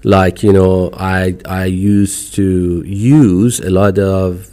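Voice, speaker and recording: Man, middle-aged, Iranian accent, lowish dark voice, emphatic and animated, podcast guest, casual chat. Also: extremely slow. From Iran. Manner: emphatic, animated, non-native phrasing.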